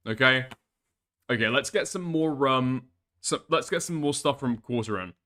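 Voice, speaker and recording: A man's voice: mid-range voice, normal speed, sharp tone. A man streaming live, reacting to a video with crude, mocking commentary and frequent laughter.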